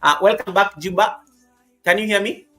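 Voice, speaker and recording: A man's voice: sits high, moderate pace, a bit bright, soft background music, poor audio. A man hosting a live stream interview, greeting viewers by name and repeating his phrases.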